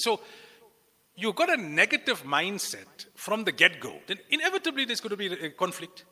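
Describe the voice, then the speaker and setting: A man preaching a sermon with lively delivery, acting out the voices he quotes. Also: sits high, normal speed, long reverb tail. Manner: animated, acts out quoted voices. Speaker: Islamic preacher.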